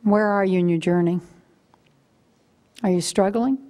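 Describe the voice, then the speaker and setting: A woman's voice: medium pitch, unhurried, dark tone. Older woman preaching a sermon. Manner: conversational storytelling preaching. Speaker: guest preacher.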